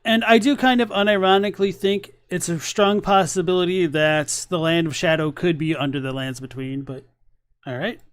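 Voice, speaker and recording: A man's voice: sits high, fairly even intonation, normal speed, clear, resonant tone, no room sound. A man chatting loosely as a streamer reacting to lore videos, rambling with many fillers and asides. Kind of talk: casual reaction commentary.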